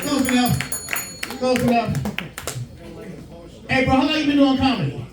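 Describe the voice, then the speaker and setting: Man, comedy emcee, very high voice, loud music and crowd behind, echoey and distant. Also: normal speed. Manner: loud, playful, repeats phrases. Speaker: open mic host. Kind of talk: energetic emcee banter. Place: comedy club stage.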